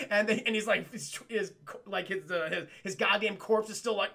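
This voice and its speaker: A man casually retelling a film's plot to his live chat, swearing a lot, acting out lines and laughing loudly. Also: high-pitched, very animated, moderate pace, creaky. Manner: profane, rambling, acts out lines and laughs loudly. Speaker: streamer reviewing a film for his chat.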